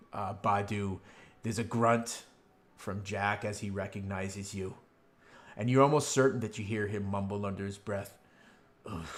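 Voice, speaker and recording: A man narrating a tabletop game as game master, describing scenes in a casual, rambling way with many fillers. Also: on the low side.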